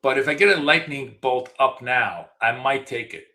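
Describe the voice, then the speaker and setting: A man's voice: medium pitch, normal speed, pushed and bright, echoey room. A middle-aged man co-hosting a live trading stream, talking casually with lots of fillers and restarts. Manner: chatty storyteller, frequent fillers and restarts. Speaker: trading show co-host.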